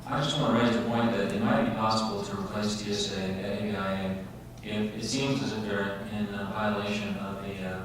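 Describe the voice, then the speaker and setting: A low, flat-voiced man gives steady, informative comment at a public forum. He sounds distant in an echoey room with clear noise behind him. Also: fairly quick, hardly any pauses. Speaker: forum speaker.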